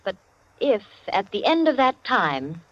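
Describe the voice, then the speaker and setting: An actress playing a wealthy hostess who gives firm, clipped commands in 1940s radio drama acting. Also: female voice, medium pitch, big pitch swings, measured pace, fairly bright tone, no room sound. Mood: stern. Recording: muffled lo-fi old radio broadcast.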